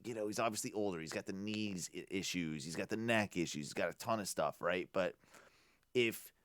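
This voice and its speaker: A man co-hosting a casual podcast, giving emphatic, opinionated takes and thinking out loud. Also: deep voice, fairly quick, dry recording. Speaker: podcast co-host. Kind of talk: casual chat.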